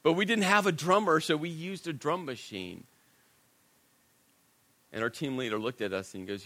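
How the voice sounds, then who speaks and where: A middle-aged man preaching a sermon, telling a personal story in a conversational, self-deprecating way and dropping to a hushed voice at serious moments. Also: on the high side, moderate pace, long pauses. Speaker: pastor.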